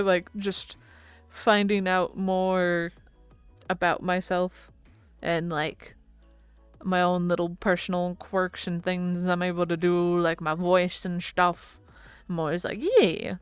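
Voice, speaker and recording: A woman's voice: medium pitch, smooth, no room sound. A woman streamer chatting casually with her viewers, rambling and laughing often into a close mic.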